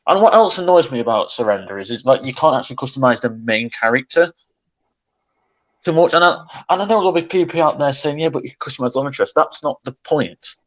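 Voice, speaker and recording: A man's voice: medium pitch, lively intonation, fairly quick, fairly bright tone, low-quality recording. A young man co-hosting a podcast, ranting in casual chat, agitated, with sighs and many restarts. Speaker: podcast co-host.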